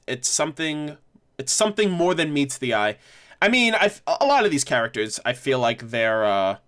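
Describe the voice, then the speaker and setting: A man's voice: mid-range voice, a bit bright. A man hosting a casual livestream discussion, rambling with many restarts and some swearing. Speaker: livestream host.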